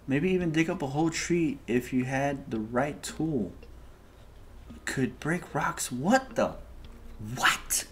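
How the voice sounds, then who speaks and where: A man hosting a gaming video, giving excitable, slangy let's-play commentary straight to his viewers. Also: fairly high pitch, slow. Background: game music.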